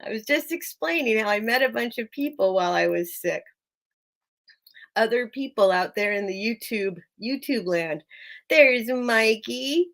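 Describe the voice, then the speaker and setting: A woman's voice: on the high side, animated, unhurried, a bit bright. An American woman hosting a live sale stream, chatting casually with viewers by name and laughing often.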